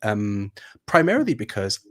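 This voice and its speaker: A man's voice: fairly low pitch, wildly swooping pitch, normal speed. A man with a British accent, an executive coach, telling his story thoughtfully in a livestream interview with hesitant restarts.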